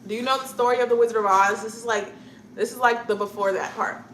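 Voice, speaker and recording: A woman's voice: a little high, steady tone, fast, fairly bright tone, reverberant, slight background noise, poor audio. A young woman chatting casually with her live viewers, rambling from one thought to the next and laughing often.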